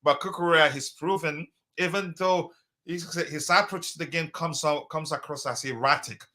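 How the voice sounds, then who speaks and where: Male stream host, bright, slightly high, halting with fillers, chatty. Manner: hesitant, many fillers, reads chat aloud. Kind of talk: casual live stream chat.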